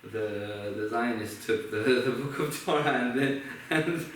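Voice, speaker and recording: A man's voice: mid-range voice, a little slow. A young man with an Israeli accent, a musician retelling family stories in a hesitant way full of fillers. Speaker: musician sharing his story. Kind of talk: casual conversation. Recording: echoey room, from far off, faint noise.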